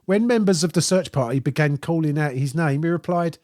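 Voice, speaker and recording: A man's voice: fairly high pitch, fairly quick, hardly any pauses, a little mellow. A middle-aged man co-hosting a podcast, casually chatting and reading out odd news stories, often laughing as he reads. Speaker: podcast co-host.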